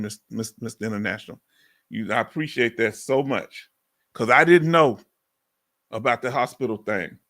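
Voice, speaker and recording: A middle-aged man with a strong Southern accent from Texas, loudly and folksily chatting live with his viewers as host. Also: a little high. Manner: loud and folksy, reads out viewer comments. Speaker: livestream host. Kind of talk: casual live chat with viewers.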